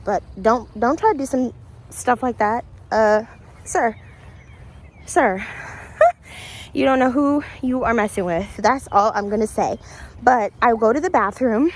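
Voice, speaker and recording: A woman vlogger telling a story to camera in a casual, chatty way, speaking straight to her viewers and laughing often. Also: fairly high pitch. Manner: laughs often between lines.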